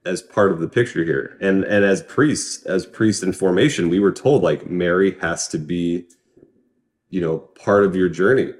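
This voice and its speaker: A man co-hosting a podcast in casual chat, telling stories in an earnest, relaxed way. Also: deep voice, normal speed. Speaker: podcast co-host.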